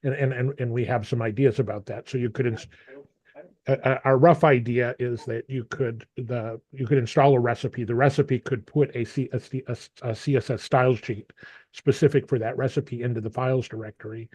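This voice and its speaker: A man's voice: medium pitch, fairly even intonation, moderate pace, darkish tone, breathy edge, no echo. A man running an online meeting over a video call, talking casually and often repeating words as he thinks. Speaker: meeting facilitator.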